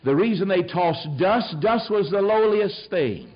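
An older man preaching a sermon, telling stories in an animated, emphatic way. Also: high-pitched, measured pace. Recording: dull lo-fi sound.

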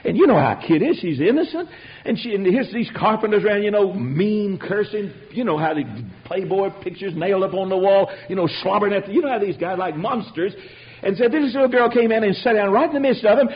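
A man preaching a sermon, telling stories with lively rhetorical asides. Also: high-pitched, brisk, slightly rough. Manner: animated storytelling with rhetorical asides. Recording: dull lo-fi recording.

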